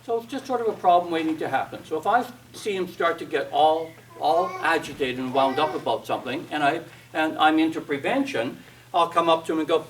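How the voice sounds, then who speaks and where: Brief: wry man lecturing on discipline, slightly high voice, distant mic with faint noise. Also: a little fast. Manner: storytelling, acts out quoted parents and kids, wry humor. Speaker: parenting and discipline speaker. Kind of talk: seminar talk with acted anecdotes.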